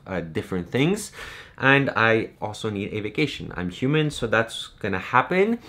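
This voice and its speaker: A man's voice: lowish voice, a bit bright. A young man from Romania, a YouTube creator talking casually to his viewers in a chatty, rambling way with lots of fillers. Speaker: YouTube creator and game master. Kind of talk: casual vlog talk to viewers.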